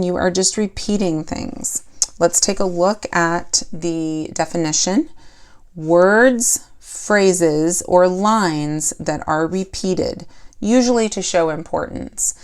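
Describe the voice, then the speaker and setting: A woman teaching a poetry lesson for children, explaining step by step and asking the class questions. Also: fairly low pitch.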